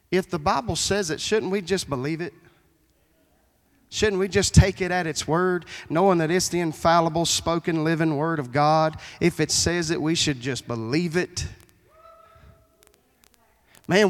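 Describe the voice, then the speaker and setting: A man preaching a folksy sermon as pastor, with a high voice. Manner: folksy preaching with Southern phrasing. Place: church sanctuary. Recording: long hall reverb in a church.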